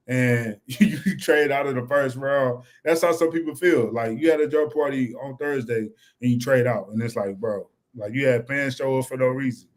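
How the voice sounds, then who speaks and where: A young man, chatting casually and animatedly as a fan-show co-host. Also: medium pitch. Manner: animated, repeats "you know what I'm saying".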